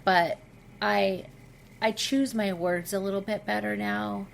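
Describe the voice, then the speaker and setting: A middle-aged woman speaking as a podcast guest over a video call, candid and expressive, with frequent fillers. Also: medium pitch, slow, creaky, slight background noise. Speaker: guest, intimacy coach. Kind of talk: casual podcast conversation.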